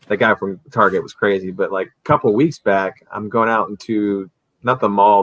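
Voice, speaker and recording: A man's voice: fairly low pitch, dry recording, rough recording. A man guesting on a livestream, telling a story in casual chat and acting out the people in it. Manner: animated storyteller who acts out the people in his stories. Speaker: livestream guest, collectibles seller.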